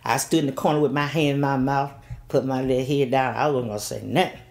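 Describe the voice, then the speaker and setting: An older woman from Mississippi, telling a story in a lively, preacher-like way and acting out every character. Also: rumbling low, fast. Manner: animated, acts out every character.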